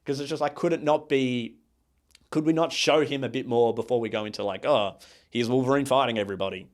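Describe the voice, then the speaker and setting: A man co-hosting a podcast, recapping a movie in a rambling, casual way with lots of fillers, acting out characters in quick asides. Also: medium pitch. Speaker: podcast co-host. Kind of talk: casual movie review chat.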